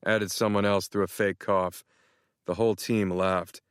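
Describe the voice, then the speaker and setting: Reading in the first person, a male audiobook narrator keeps a measured, even pace in a smooth, fairly low voice. He's close to the mic, and the sound is dry with no room echo at all.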